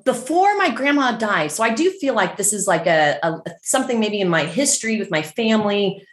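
A middle-aged woman from San Francisco, telling a story as a podcast guest in a chatty, animated way full of fillers. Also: mid-range voice, a little fast, reverberant. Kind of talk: casual storytelling.

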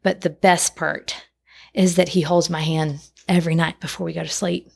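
A woman in her thirties, a podcast guest, telling a personal faith story with animated, laughing delivery and acted-out quotes. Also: fairly low pitch, normal speed, gravelly, husky. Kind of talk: personal testimony.

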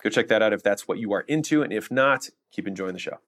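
A man as podcast host, speaking directly to listeners in a relaxed plug. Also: lowish voice, fast talker.

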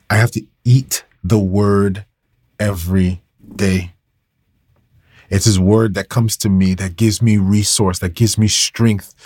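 Husky-voiced man preaching a casual sermon. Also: fairly low pitch, a little mellow, dry recording, studio quality. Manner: casual, emphatic, repeats key phrases, addresses listeners as y'all. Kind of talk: livestreamed devotional sermon.

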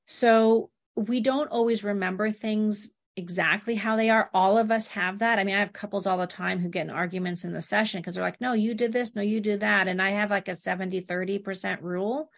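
Speaking fairly quickly with few pauses, this middle-aged therapist talks casually as an interview guest in a mid-range, fairly even voice with vocal fry. Her stories are anecdotal, full of quoted dialogue from clients and family.

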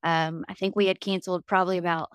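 A woman speaks candidly as a podcast guest, animated as she tells her story and full of fillers. Her voice sits low and sounds smooth and clear. The sound is dry and close, with no room around it. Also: quick pace, no echo. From Florida. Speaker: podcast guest, business owner. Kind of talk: casual interview talk.

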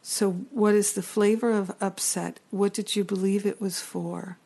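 A woman's voice: mid-range voice, steady tone, unhurried, vocal fry, warm tone, slightly rough. A middle-aged woman giving an earnest, reflective spiritual teaching talk as a teacher and counselor. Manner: earnest, reflective, builds long lists.

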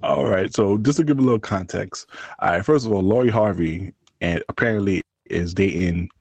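Husky dude hosting a podcast, joking around, close dry mic. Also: male voice, on the low side, normal speed, dry recording. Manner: animated, crude joking, laughs often. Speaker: podcast co-host. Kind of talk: casual chat.

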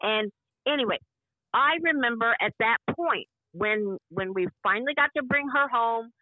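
A woman in her fifties recounts a personal story as a guest, reliving it vividly and voicing each person's words. Her voice sits a little high and comes through a thin, tinny phone line with no room sound at all. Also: expressive, moderate pace, no echo. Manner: vivid, emotional retelling that acts out past dialogue. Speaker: interview guest. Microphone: phone call.

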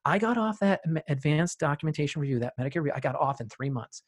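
A man's voice: on the high side, expressive, quick pace. Emphatic man telling business stories. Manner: emphatic, repeats key phrases, rising to loud bursts. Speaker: guest, practice owner and CEO. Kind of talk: podcast interview storytelling.

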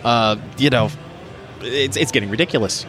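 A man's voice: medium pitch, moderate pace, fairly bright tone, faint music behind. A man co-hosting a podcast in casual chat, hesitant and full of fillers.

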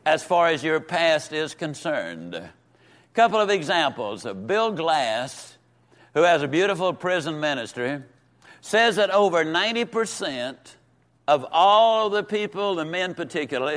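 Brief: older male Sunday school teacher, slightly high voice, emphatic and repetitive, drawn-out stresses. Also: lively intonation, a bit bright. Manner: emphatic, repeats words for stress, slows on key phrases. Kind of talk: sermon-style Bible teaching.

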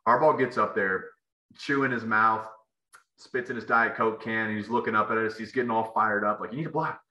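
A former football player, guesting on a podcast, tells rambling stories in a casual interview, full of fillers and restarts. His voice is lowish, steady, bright and forceful at normal speed, recorded in an echoey room with the highs cut off.

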